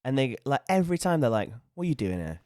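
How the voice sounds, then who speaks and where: A young man hosting a podcast, telling stories with quick, expressive jumps into the voices of the people he quotes. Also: medium pitch, dry recording, clean studio sound. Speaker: podcast host. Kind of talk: casual podcast chat.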